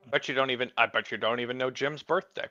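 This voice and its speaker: A man's voice: mid-range voice, steady tone, fast, bright, forceful tone, dry recording, faint music behind. A man playing a tabletop game, laid-back and laughing in casual chat. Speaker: player. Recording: dull lo-fi mic.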